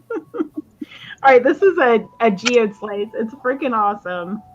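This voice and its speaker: A woman's voice: fairly high pitch, big pitch swings, measured pace, lo-fi sound. Chatty woman hosting a live auction. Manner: chatty, laughs often, jokes about accents. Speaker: live auction host selling stones. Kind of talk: casual live-stream selling chat.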